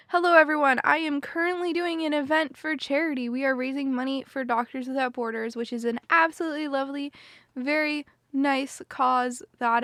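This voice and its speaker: A woman's voice: high-pitched, fairly bright tone, no echo. A woman in her twenties hosting a charity livestream, chatty and upbeat, often saying "dude". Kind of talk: casual livestream chat.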